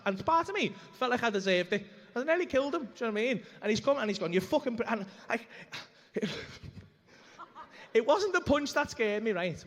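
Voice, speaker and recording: A man's voice: sits high, a bit bright, big-room sound. A young man telling a rambling, sweary stand-up story on a comedy club stage. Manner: brash, sweary, rambling anecdote full of asides.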